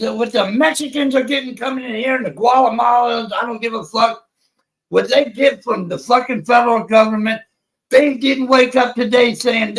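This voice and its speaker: An American man on a livestream panel rants angrily and swears nonstop, heated and profane. His voice is extremely high and fairly bright, and the recording quality is low.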